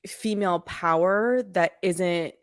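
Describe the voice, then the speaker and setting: A woman with a somewhat low voice co-hosts a podcast in casual chat. She thinks aloud and searches for her words as she goes. The sound is dry and close. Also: takes it slowly, no room sound. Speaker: podcast co-host.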